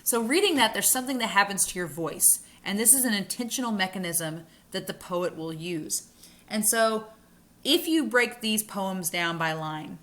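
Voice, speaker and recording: A woman teaching a recorded college English lecture, upbeat and explanatory, slowing down to read verse aloud. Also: mid-range voice, lively intonation, fairly bright tone.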